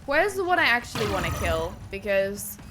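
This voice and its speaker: A woman streamer giving casual gameplay commentary, excitable and foul-mouthed, yelling at enemies on screen. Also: mid-range voice, moderate pace. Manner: excitable, swears a lot, yells at enemies. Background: game music.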